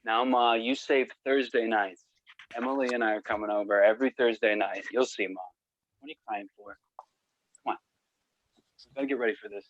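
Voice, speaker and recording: A man's voice: on the low side, fairly even intonation, a little fast, pauses often, a bit bright, highs cut off, close to an everyday voice. Man playing a nervous young groom. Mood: earnest. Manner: anxious and pleading, then earnest.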